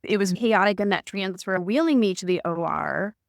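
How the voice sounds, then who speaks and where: Lively woman retelling her story. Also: mid-range voice, moderate pace, creaky, no room sound, studio quality. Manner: animated, acts out quoted dialogue. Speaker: guest recounting her birth. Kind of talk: conversational storytelling.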